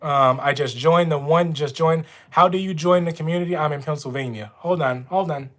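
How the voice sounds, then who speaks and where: Chatty Louisiana man, slightly high voice. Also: normal speed, fairly bright tone. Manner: chatty, talks straight to viewers. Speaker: notary running a live stream. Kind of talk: casual live-stream chat with viewers. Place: at home with dogs nearby.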